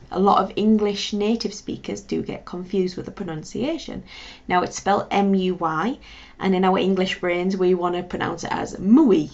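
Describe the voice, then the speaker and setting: Woman language teacher, encouraging drill style, some vocal fry, muffled lo-fi audio. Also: mid-range voice, darkish tone. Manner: encouraging, spells words out, repeat-after-me drills. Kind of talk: beginner language lesson. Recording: dull lo-fi sound.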